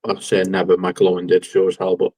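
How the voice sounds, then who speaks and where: A man from Cheshire with a deep Scouse accent, a guest in a casual football chat who speaks bluntly and firmly. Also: monotone, fast, darkish tone. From Cheshire, England.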